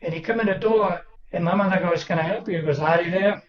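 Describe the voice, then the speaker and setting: This high-voiced, quick-talking older man is a Boston author sitting in as a guest for a storytelling interview. Lively and anecdotal, he performs the voices of the people he quotes, while the audio comes across distant, dull and roomy with a crowd behind him.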